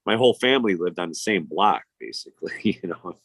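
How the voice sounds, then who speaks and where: A man's voice: sits low, animated, a little fast, creaky, a bit bright, no echo. A man, telling stories in casual, profane, rambling chat as a podcast host. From Chicago. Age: 50s.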